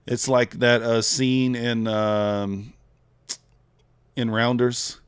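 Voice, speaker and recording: A man's voice: medium pitch, fairly even intonation, extremely slow, smooth. A man trading live on a stream, thinking aloud in a laid-back, casual way and chatting with his viewers. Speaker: futures trader streaming live.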